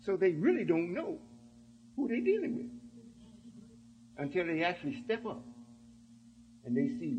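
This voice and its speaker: This preacher speaks high with dramatic pitch swings, taking his time and pausing frequently, his tone somewhat dark. Addressing his followers with force, he keeps asking "you see?" to confirm they understand. The audio sounds dull, with a bit of hiss or hum.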